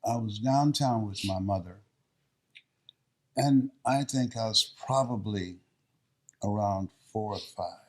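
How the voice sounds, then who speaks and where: Husky older man telling stories. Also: fairly low pitch, slow, pauses often. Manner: dramatic, acts out quoted voices. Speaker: guest, motivational speaker. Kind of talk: emotional personal storytelling.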